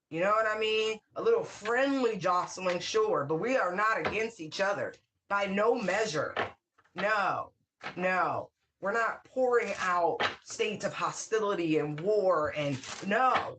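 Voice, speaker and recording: A woman's voice: a little high, background noise. Emphatic, outspoken woman reading tarot. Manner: emphatic, repeats phrases, swears freely; excitable outbursts with whoops. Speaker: tarot reader. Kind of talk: casual spiritual reading monologue.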